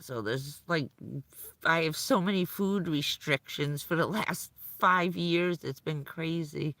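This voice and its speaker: A woman's voice: sits low, slow, fairly bright tone, dry recording. A middle-aged woman chatting on a casual live stream, rambling and laughing often. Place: vehicle at night in the cold.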